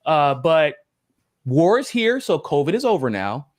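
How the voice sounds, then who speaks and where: A young man chats casually on a podcast. His voice sits a bit high and swoops widely as he talks. He swears freely. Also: unhurried. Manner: animated, swears freely, acts out others' voices. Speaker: podcast co-host. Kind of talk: casual chat.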